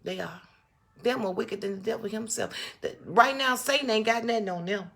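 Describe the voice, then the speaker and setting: Her voice is mid-range, creaky, and fairly bright, moving at a normal speed. This livestream host chats casually into a phone or small stand-mounted setup, speaking straight to her viewers, welcoming chatters by name and repeating important phrases to stress them.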